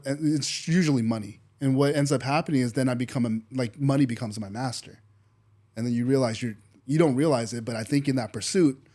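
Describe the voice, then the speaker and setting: A man hosting a faith podcast, chatting casually and retelling a Bible story with lively acted-out quotes. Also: mid-range voice. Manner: animated storyteller, acts out quoted voices, says "dude" often. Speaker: podcast host.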